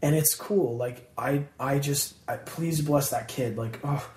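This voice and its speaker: A man telling stories casually in an interview, animated and acting out what people said. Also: a little high, measured pace, roomy sound. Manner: animated, acts out quotes, many fillers. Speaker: guest musician.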